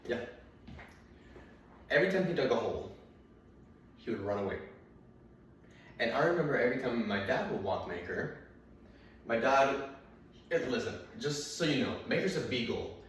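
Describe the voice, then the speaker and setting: A man's voice: medium pitch, expressive, moderate pace, long pauses, a little hiss or hum. A young man doing stand-up comedy, telling a rambling, profane story and acting out his dad and his dog. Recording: very echoey room, mic at a distance.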